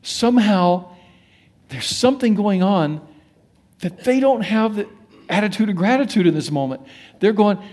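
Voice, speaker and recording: A man preaching a sermon, dramatic, acting out Bible figures with sudden swings between loud and soft. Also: high voice, lively intonation, moderate pace, long pauses. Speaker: pastor.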